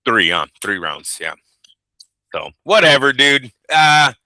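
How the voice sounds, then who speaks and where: Bright-voiced chatty man, dry sound. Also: mid-range voice, very animated, takes it slowly, no room sound. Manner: chatty, says "dude" and "bro" a lot. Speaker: boxing show co-host. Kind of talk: casual podcast chat.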